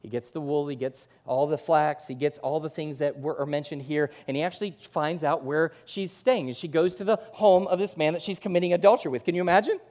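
A male pastor preaching a sermon with animated delivery, acting out the voices of the people he quotes. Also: a little high, a little fast, few pauses. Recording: long hall reverb.

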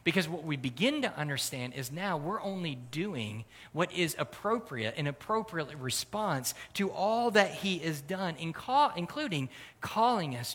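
A man preaching a sermon as pastor, earnest, swelling louder and higher for emphasis. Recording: long hall reverb.

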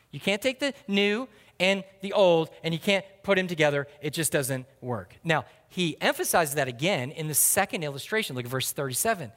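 A man with a fairly high voice delivers a sermon as a pastor. He tells folksy stories and keeps calling out to his congregation. His voice carries a long reverb from a large church hall. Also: a bit bright. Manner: folksy storytelling, calls to the congregation.

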